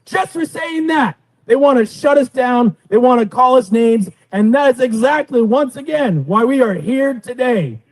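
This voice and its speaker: A man addresses a protest with forceful defiance. His voice is very high for a man, dry, and set back at a distance from the recorder. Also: animated, normal speed, hardly any pauses, dry recording. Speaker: protest speaker. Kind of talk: rally speech. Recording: distant outdoor rally recording.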